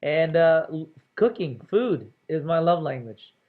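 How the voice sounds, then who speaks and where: A man's voice: a little high, lively intonation, a little slow. A male instructor giving a casual, chatty introduction to an online course, with many fillers. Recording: tinny phone-like audio.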